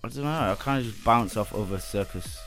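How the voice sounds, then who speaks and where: A man's voice: on the low side, fairly quick, a bit bright, faint music behind. A man who is a guest producer, chatting casually and giggling often. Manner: giggly, playful. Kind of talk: casual interview chat.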